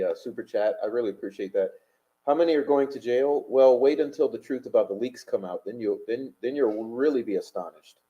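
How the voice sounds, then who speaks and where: A man with a warm, mid-range voice hosts a livestream, going through chat and super chats out loud. His delivery is rambling and argumentative, thick with fillers, on dull, lo-fi stream audio.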